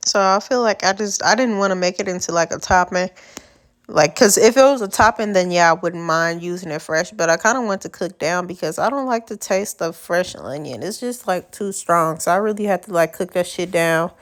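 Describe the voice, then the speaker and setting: A woman's voice: fairly low pitch, brisk. A woman, casually narrating her home cooking in laid-back, profane slang. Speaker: home cook vlogger. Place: home kitchen.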